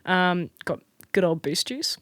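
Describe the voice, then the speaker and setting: A young Australian woman in casual chat as a podcast guest, telling stories in an animated way with plenty of fillers and restarts. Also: fairly low pitch, unhurried, dry recording, clean studio sound. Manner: chatty, animated storyteller with frequent fillers and restarts.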